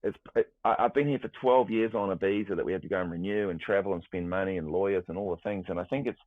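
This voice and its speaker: Deep new guy, rambly and animated, sounds like a dry phone line. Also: fast, no room sound. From New Zealand. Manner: animated, rambling with restarts, swears freely. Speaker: guest, music producer. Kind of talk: casual chat.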